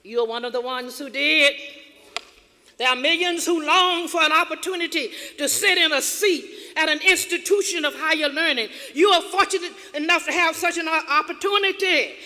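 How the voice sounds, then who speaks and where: A woman's voice: extremely high pitch, sharp tone. A woman giving a motivational keynote speech, with dramatic, rhythmic repetition that builds emphasis. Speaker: keynote speaker. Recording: reverberant hall with audience.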